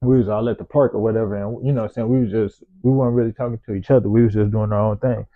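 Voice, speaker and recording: A man's voice: on the low side, fairly even intonation, rapid-fire. Man telling a story over a phone-like line. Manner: loose, profane, slangy, with frequent restarts. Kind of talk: casual personal storytelling. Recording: tinny phone-like sound.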